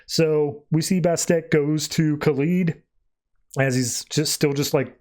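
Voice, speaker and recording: Man casually recapping comics, slightly high voice. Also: steady tone, takes it slowly, a little mellow. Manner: loose storytelling that acts out quotes with "he's like". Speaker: podcast host.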